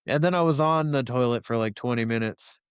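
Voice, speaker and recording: A man on a podcast, telling a crude story in an animated way with lots of swearing. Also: medium pitch, fairly quick, clean tone, no echo, muffled recording. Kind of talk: casual chat.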